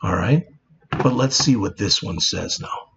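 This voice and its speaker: A man's voice: fairly low pitch, animated, a little slow, creaky, fairly bright tone. A man teaching programming in a screen-recorded coding tutorial, explaining plainly and often saying "all right". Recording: dull lo-fi sound with faint background noise.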